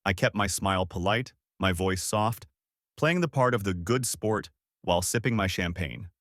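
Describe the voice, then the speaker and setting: A man narrating a first-person story in a steady, even storytelling manner. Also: low voice, normal speed, no room sound, clean studio sound.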